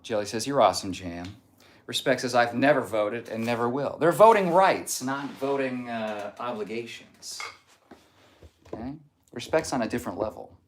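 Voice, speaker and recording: A man's voice: mid-range voice, moderate pace, a little hiss or hum. A man live-streaming, reading chat comments aloud in a jokey, casual way and sometimes sliding into a mock Southern drawl.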